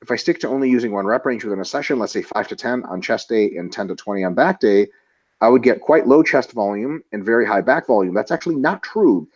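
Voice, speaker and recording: A man's voice: medium pitch, animated, quick pace, a little mellow, dull audio. A man co-hosting a casual webinar, answering viewer questions bluntly and swearing freely as he lays out training plans step by step. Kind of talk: casual webinar Q&A, profane and joking.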